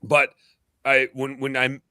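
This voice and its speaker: A man in his thirties from Wisconsin, hosting a podcast in a rambling, animated chat. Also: medium pitch, slow pace, no room sound, studio quality. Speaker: podcast host. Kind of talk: casual chat.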